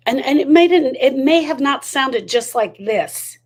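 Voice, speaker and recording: A woman's voice: high voice, animated, a little slow, few pauses. Woman giving an emphatic grief talk. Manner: emphatic, repeated rhetorical questions. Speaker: grief educator.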